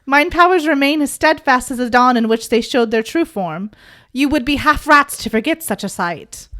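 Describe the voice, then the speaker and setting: Woman doing a pompous archaic vampire gentleman. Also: high-pitched, lively intonation, normal speed. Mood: haughty. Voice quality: pompous, theatrical old-fashioned diction. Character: young male vampire speaking in stuffy archaic old-gentleman manner.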